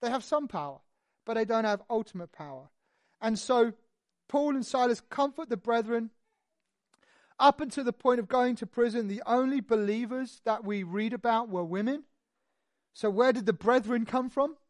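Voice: mid-range voice, normal speed, dry recording, clean studio sound. A preacher giving an expository sermon in a conversational way, asking rhetorical questions and retelling the story with animation.

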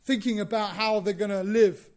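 Male preacher, high voice, animated, sermon, plays out dialogue. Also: moderate pace. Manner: animated, acts out biblical dialogue, repeats himself.

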